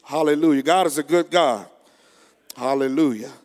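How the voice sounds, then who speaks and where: A male preacher delivering a sermon, reading scripture slowly and preaching with rising fervor. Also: on the high side, a little mellow. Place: church. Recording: long echo of a large hall.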